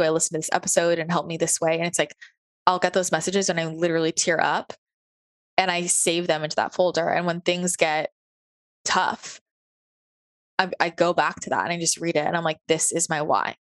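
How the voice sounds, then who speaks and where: A woman's voice: lowish voice, no room sound. A woman hosting a podcast from home, talking earnestly and casually with lots of "like" and "right?". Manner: earnest, chatty, many fillers like "like" and "right?". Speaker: podcast host. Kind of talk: casual spiritual podcast monologue. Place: home office. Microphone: home recording on a computer.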